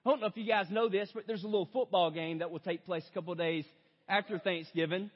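High-voiced preacher in a reverberant hall. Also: male voice, fairly even intonation. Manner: conversational preaching with frequent "right?" tags; reads scripture slower and softer. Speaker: pastor. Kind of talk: sermon. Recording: reverberant hall, dull lo-fi sound.

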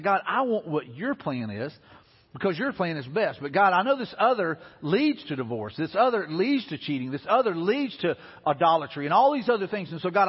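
A man's voice: sits high, slightly rough. A middle-aged man, preaching a sermon as pastor in a folksy, conversational way. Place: church sanctuary. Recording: dull lo-fi audio in a reverberant hall.

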